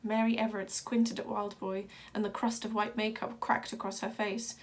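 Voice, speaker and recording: A woman reads a storybook aloud at a middling pitch for a woman, telling it with steady drama. Her narration moves evenly between tense moments. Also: moderate pace. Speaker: reader.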